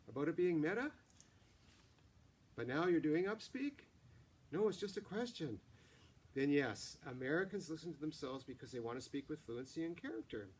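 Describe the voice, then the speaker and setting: Dude doing a smug speech coach guy, loud and emphatic, a little higher than normal. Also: a little hiss or hum, lightly acted. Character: self-assured man lecturing on how to sound American.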